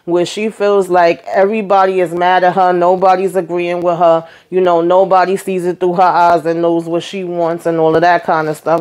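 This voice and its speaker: A woman's voice: lowish voice, normal speed, few pauses. Sassy woman recapping reality TV. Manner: sassy, animated retelling with quoted voices. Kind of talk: casual recap commentary.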